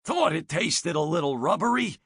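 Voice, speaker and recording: A man's voice: fairly high pitch, expressive, moderate pace, a bit bright, breathy edge, dry recording, studio quality, voice pushed up. A man voicing a sassy, scheming male guinea pig with a wisecracking manner, in a storybook reading. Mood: teasing.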